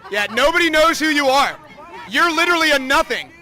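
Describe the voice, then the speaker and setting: A man's voice: extremely high pitch, expressive, brisk, bright, forceful tone, some chatter behind. A man on a city street, taunting and mocking someone.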